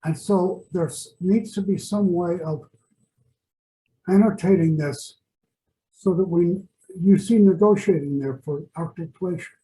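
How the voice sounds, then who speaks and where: A man's voice: high voice, measured pace, warm tone, low-quality recording. A man on a video call with the hiccups, insistently stating his preferences in a board meeting. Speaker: board member. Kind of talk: business meeting discussion.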